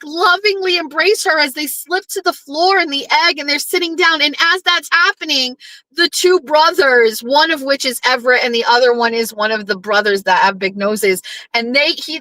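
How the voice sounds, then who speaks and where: High, bright-voiced woman host. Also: no room sound, poor audio. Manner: animated storyteller who acts out quoted lines, blunt and profane. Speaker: podcast host. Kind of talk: casual commentary monologue.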